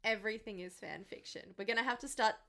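A woman co-hosting a podcast, bantering in a casual chat, animated, giggly and sweary. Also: fairly high pitch, fast talker. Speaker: podcast co-host.

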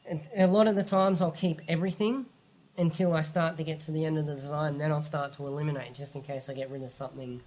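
A man, hosting a podcast and explaining his methods in an animated way, thinking aloud through examples. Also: on the high side, quick pace. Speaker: podcast host. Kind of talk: casual podcast chat.

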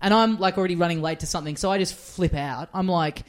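An Australian man co-hosting a comedy podcast, telling stories in casual, animated chat with plenty of swearing. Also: sits high, fast, smooth. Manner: animated storyteller, swears freely. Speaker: podcast co-host.

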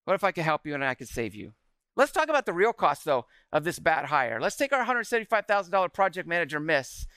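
A man in his forties giving an energetic talk to a live audience, often asking the room questions. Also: a little high, quick pace, clean tone, no echo.

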